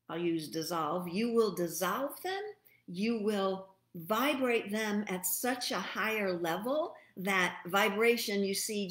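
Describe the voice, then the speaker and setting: A middle-aged woman with a mid-range voice hosts a live stream as a spirit messenger, offering word readings slowly and soothingly in a meditative tone while thinking aloud. The audio carries a roomy echo.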